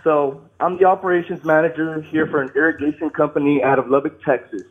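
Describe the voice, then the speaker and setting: A nervous, shaky man calling into a show, talking haltingly, apologizing and restarting his sentences. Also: on the high side, steady tone. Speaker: caller. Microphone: phone. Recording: tinny phone line.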